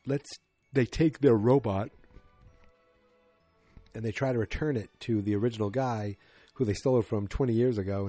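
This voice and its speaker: A man's voice: on the low side, mellow, no room sound. A man on a podcast casually retelling a sitcom episode, rambling with restarts and fillers and briefly acting out the characters' lines. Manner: rambling, restarts, lots of ums, acts out quotes. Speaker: podcast co-host.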